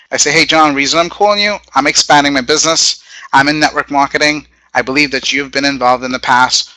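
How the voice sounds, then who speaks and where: A man's voice: medium pitch, sharp tone, dry recording. A man teaching a group how to make sales calls, talking directly and acting out both sides of the phone call. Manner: direct, conversational, acts out phone calls with quick laughs. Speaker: network marketing trainer. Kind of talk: training talk to a live group.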